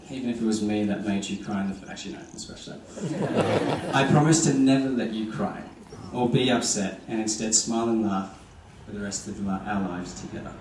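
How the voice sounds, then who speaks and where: A young man, the groom, reading earnest and tender wedding vows with some light humor. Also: fairly low pitch. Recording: echoey distant venue sound with ambient noise.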